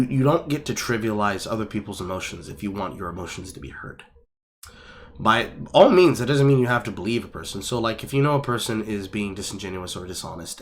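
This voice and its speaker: A man's voice: on the low side, a bit bright, slight background noise. A man hosting a live-streamed podcast, lecturing emphatically and swearing freely as he makes his points. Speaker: podcast host. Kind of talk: casual podcast commentary. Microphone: streaming mic.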